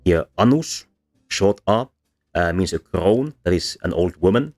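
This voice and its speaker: A man explaining grammar as a teacher in a lecture, drawing as he talks and pausing often with ums and self-corrections. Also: low-pitched, animated, a little mellow. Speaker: language teacher.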